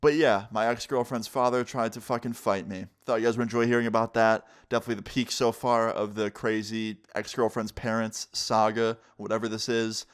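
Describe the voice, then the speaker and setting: A man's voice: on the low side, little pitch movement, brisk, few pauses, clear, resonant tone. A man in his twenties casually telling a storytime vlog story, swearing often. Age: 20s. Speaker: vlogger.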